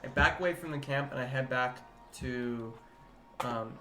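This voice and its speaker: A man's voice: medium pitch, moderate pace, echoey room, over music. A man playing in a tabletop game, talking casually and a bit hesitantly. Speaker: player.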